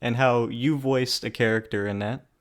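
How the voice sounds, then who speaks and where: A man's voice: mid-range voice, normal speed. Casual male podcast host. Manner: relaxed, self-deprecating. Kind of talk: casual interview questions.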